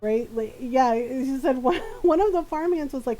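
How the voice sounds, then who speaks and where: A woman's voice: high voice, moderate pace, mellow, soft background music, rough recording. A woman streamer telling a family story in casual chat, laughing often and leaning on "like" and "right?". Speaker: live streamer.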